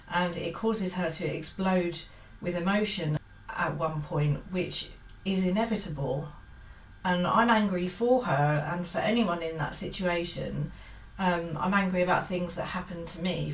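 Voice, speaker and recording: Woman vlogger, low voice, hesitant and sincere, echoey distant recording with faint hiss. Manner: hesitant, many fillers and restarts, earnest. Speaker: book vlogger. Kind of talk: casual book-review monologue. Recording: roomy echo, set back from the mic, faint hiss.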